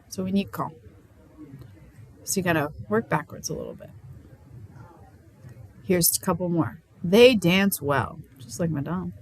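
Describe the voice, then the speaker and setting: A woman with a slightly low voice teaches a lesson on French question words. She is upbeat and playful, and a faint hiss of background noise sits under her voice. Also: a little slow, pauses often, low-quality recording.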